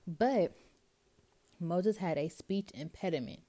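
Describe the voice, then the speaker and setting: A woman's voice: fairly low pitch, lively intonation, slow, dark tone. A woman hosting a podcast, reading scripture and explaining it in a chatty way full of fillers. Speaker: podcast host. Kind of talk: casual scripture reading and commentary.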